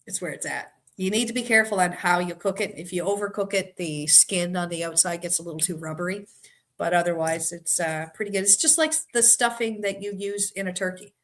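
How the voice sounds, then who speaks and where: A woman's voice: on the low side, a little fast, fairly bright tone. A woman from Boston with a Boston accent, hosting a trivia live stream in easy, chatty talk and reading viewer comments aloud. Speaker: trivia host. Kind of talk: casual live-stream chat.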